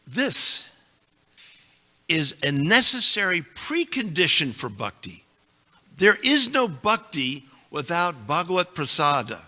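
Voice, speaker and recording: A man's voice: on the high side, big pitch swings, slow pace, sharp tone. Emphatic man lecturing in a reverberant hall. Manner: emphatic, joking asides, recites verses. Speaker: scripture teacher. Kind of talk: lecture on scripture to an audience. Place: temple hall.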